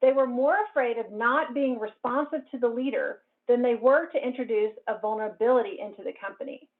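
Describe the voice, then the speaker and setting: A woman presenting a cybersecurity talk in a clear, explanatory way. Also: a little high, brisk. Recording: narrow phone-like band.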